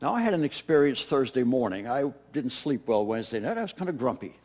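A man preaching a sermon with dynamic delivery, rising to loud emphatic peaks and dropping to soft, near-whispered lines, with self-deprecating humor. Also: mid-range voice, very animated, fast talker. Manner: self-deprecating humor, laughs at own stories. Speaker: pastor.

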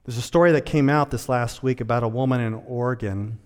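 A man delivering a sermon as a pastor, dropping to quiet asides and rising to loud, emphatic points. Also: brisk, clean tone, big-room sound. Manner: swells from low, quiet asides to high, emphatic preaching.

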